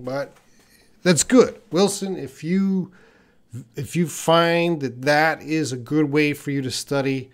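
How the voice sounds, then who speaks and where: A man in his forties, an English teacher giving a live-streamed lesson. He repeats phrases slowly for pronunciation practice and talks in a relaxed way, thinking aloud while he answers chat comments. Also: medium pitch.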